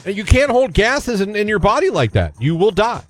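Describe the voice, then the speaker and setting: A man's voice: high-pitched, big pitch swings, brisk, faint music behind. A man hosting a radio morning show, bantering in a casual, joking and emphatic way.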